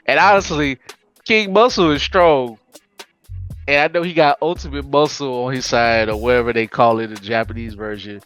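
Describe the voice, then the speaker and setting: A man hosting a casual anime podcast, telling it in an animated, slangy way with frequent laughs. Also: medium pitch, normal speed, clean tone, soft background music. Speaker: podcast host.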